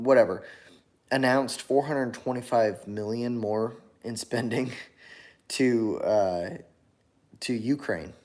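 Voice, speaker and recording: A man's voice: on the low side, darkish tone. A tired man talking on his own channel in a casual, rambling monologue, full of fillers and restarts. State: tired after a long workday. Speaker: channel host.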